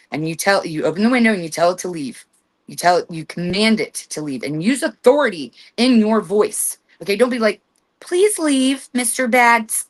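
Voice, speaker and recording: A woman's voice: medium pitch, a bit bright. A woman hosting a radio show, giving casual, emphatic instructions and acting out commands in a firm voice. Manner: chatty, emphatic, acts out commands with authority.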